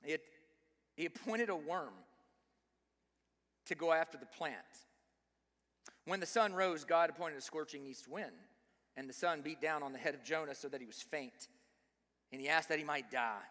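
A man's voice: a little high, normal speed, pauses often, a bit bright. A man preaching a sermon, speaking emphatically and often putting rhetorical questions to his listeners. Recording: long reverb of a large hall.

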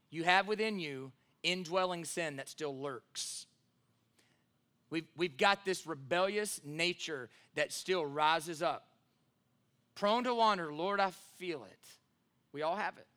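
High, bright-voiced preaching man. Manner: emphatic preaching, repeats phrases, rises to loud exhortation. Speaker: pastor. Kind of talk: sermon. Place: church sanctuary with congregation.

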